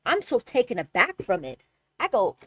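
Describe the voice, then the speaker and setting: A young woman streamer telling a casual story with animated, exasperated energy and lots of swearing. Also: fairly high pitch, normal speed, a little hiss or hum.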